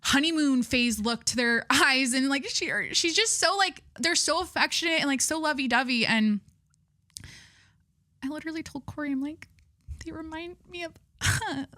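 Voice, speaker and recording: Young adult woman podcast host; bright voice, dry close sound; rambling, gushing, candid delivery. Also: high voice, normal speed, no echo. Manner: rambling, chatty, frequent fillers and restarts; gushing, candid, swears casually. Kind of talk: casual chat.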